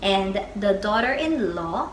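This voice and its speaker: A woman teaching a beginner Spanish vocabulary lesson, saying each word twice in a slow, deliberate way. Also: mid-range voice, animated. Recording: echoey room with faint background noise.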